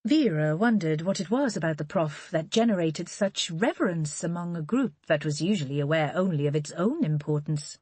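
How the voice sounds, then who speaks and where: A woman narrates an audiobook in an even, measured way. Her pitch moves in a lively way. The sound is dry and close, with no room echo. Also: slightly rough. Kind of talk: scripted narration.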